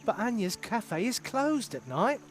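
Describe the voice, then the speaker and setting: A man's voice: sits high, big pitch swings, measured pace, a little hiss or hum. A man voicing a weary, overworked male animal town guard in a video game, drowsy and complaining. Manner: drowsy, complaining, sudden sharp outbursts.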